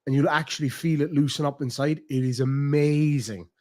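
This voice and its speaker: A man's voice: fairly high pitch, steady tone, moderate pace, darkish tone, dry recording, studio quality. A man with a Cork Irish accent, chatting casually on a live stream, rambling and swearing freely as he thinks aloud. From Ireland.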